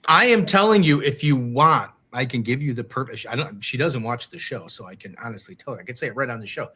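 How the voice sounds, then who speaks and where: Bright-voiced chatty male podcast host. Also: mid-range voice, animated, fast talker, breathy edge. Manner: chatty, teasing, rambling. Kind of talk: casual chat.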